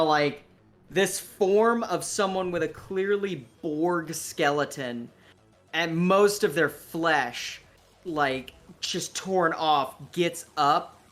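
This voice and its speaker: A game master narrating a tabletop session at an unhurried pace. The telling is casual and rambling, packed with swearing and fillers. Faint music sits in the background. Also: medium pitch, a bit bright.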